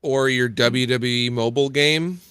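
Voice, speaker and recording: A man's voice: mid-range voice, fairly even intonation, moderate pace, a bit bright, smooth. A man hosting a podcast, talking in casual, sardonic banter and swearing a lot. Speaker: podcast host.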